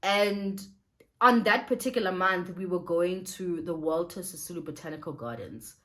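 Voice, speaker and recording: A woman's voice: lowish voice, moderate pace, fairly bright tone. A young woman telling a personal faith testimony to her viewers in a casual, emotional vlog style, often laughing as she talks. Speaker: vlogger.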